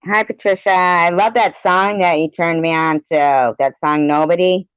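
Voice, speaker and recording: A woman commenting over a video clip with slow, sarcastic and scornful remarks, on slightly dull audio. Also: lowish voice, steady tone, smooth, no room sound. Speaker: commentary channel host.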